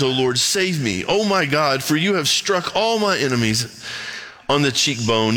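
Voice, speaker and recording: Delivering a sermon, a pastor reads from scripture, his voice rising and falling with lively energy and broken up by brief side remarks.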